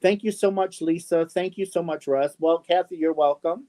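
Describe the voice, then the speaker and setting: A middle-aged man hosting a casual live stream, reading out viewer comments slowly and haltingly, with many ums and affectionate asides. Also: on the high side, warm tone.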